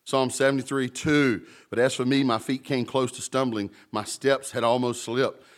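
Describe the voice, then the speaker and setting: A male pastor delivers a sermon in a relaxed, conversational way, at a middle pitch. He reads scripture and then breaks into humorous asides and stories. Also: normal speed.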